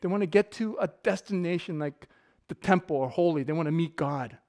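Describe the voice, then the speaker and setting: A man's voice: fairly high pitch, fairly quick, darkish tone. A middle-aged man giving a casual sermon full of personal stories, joking and laughing often. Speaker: pastor.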